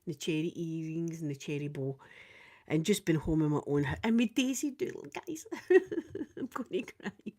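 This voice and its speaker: A Scottish woman in her fifties chats casually with viewers on a live stream, her warm voice at normal speed. She rambles, her pitch swinging up and down.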